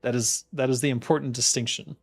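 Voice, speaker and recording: A man's voice: medium pitch, steady tone, fairly quick, vocal fry, breathy edge. Chatty guy commentating his gameplay, laughs a lot, jokes at his own expense. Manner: chatty, laughs often, self-deprecating. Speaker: game designer streamer.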